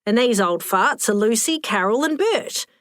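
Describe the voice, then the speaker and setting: A cheeky, sharp-tongued older mother, played by a woman reading a story, full of mischief. Her voice is a little raised and lively. The sound is dry and close. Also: a little high, moderate pace, no room sound. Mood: teasing. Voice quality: teasing, mischievous. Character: cheeky, fit older mother, quick-witted.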